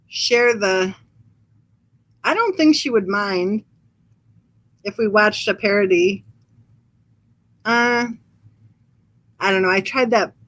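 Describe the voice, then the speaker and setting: A woman hosting a casual livestream, chatting in a rambling, amused way and reading comments from the live chat. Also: medium pitch. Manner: reads live chat aloud. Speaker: true crime channel host.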